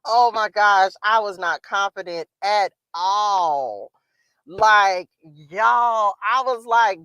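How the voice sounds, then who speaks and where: A woman tarot reader hosting a casual livestream, animated and chatty, often laughing as she talks to her viewers. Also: mid-range voice, takes it slowly, dry recording.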